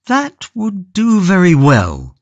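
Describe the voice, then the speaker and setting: A man's voice: high-pitched, huge pitch swings, slow pace, no echo, highs cut off, voice pushed up, heavily acted. A man voicing a passionate, stoic imprisoned tulip grower in an audiobook, grave and impassioned. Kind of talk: audiobook character reading.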